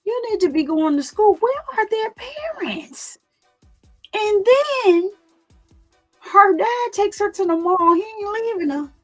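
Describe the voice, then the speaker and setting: A woman hosting her own channel, speaking casually to her viewers in an animated way, repeating phrases and laughing often. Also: very high voice, unhurried, faint music behind. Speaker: commentary channel host.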